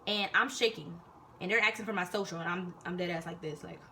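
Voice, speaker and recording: A young woman telling a personal story in a casual, animated way, full of slang and swearing. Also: lowish voice, fairly quick, vocal fry, a little hiss or hum.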